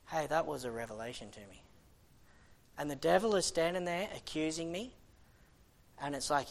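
A man's voice: on the high side, expressive, normal speed, long pauses. A man preaching a sermon in an impassioned, conversational way, often restarting his sentences.

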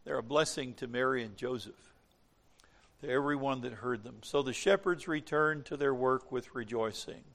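A man preaching a sermon, swinging between hushed, slow reflection and loud, dramatic cries. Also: medium pitch.

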